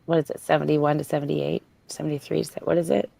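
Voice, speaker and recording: Woman co-host, very low voice with gravel, playful casual banter. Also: flat delivery, fast talker, dark tone, no room sound. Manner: playful, chatty storyteller. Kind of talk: casual chat on a livestream.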